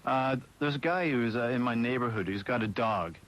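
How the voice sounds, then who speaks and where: A man's voice: medium pitch, moderate pace, a bit bright. A man who is a guest on a radio show, complaining for comic effect in a rambling way. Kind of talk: casual radio chat. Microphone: studio microphone.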